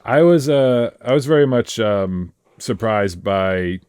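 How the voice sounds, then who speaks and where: A man hosting a podcast in casual chat, retelling a story in a halting way, full of ums and restarts. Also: fairly low pitch, animated, a little mellow, clear, resonant tone, dry recording, studio quality. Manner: hesitant, lots of ums and restarts, summarizing a story. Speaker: podcast host.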